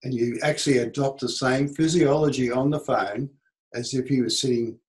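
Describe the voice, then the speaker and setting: A middle-aged Australian man, a business coach, teaching a seminar and acting out quoted speech in an animated way. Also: mid-range voice, normal speed, rough recording.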